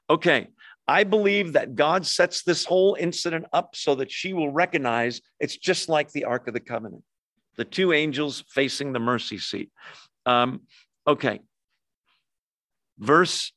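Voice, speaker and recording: An older man preaches a verse-by-verse Bible lesson in a loose, chatty way, tossing questions to his audience. His voice sits a little high for a man. The sound is dry and close, with little room echo. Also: bright, forceful tone. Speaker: pastor. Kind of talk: conversational Bible teaching. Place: church hall with in-person and online audience.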